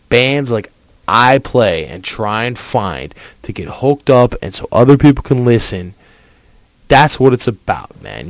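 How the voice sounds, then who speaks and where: A man's voice: lowish voice, dry recording. A young man hosting a podcast, ranting angrily, confrontational, swearing nonstop. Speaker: podcast host. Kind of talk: profane angry rant.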